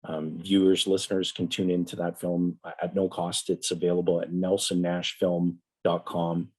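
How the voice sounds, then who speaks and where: Husky low-voiced man, earnest guest. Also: monotone, normal speed, a little mellow. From Canada. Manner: earnest, reflective explaining. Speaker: guest, financial coach. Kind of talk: podcast interview.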